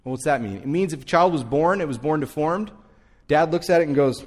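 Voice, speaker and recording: A man's voice: on the high side, brisk. Man preaching in a long church reverb. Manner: conversational, speaks straight to the congregation; repeats key phrases for emphasis. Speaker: pastor. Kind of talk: sermon.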